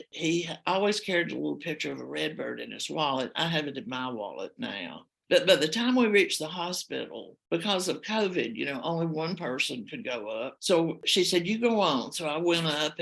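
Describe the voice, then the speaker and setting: An older woman telling a personal story in a heartfelt, halting, emotional way. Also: low-pitched, vocal fry, fairly bright tone, rough recording. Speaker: storyteller guest.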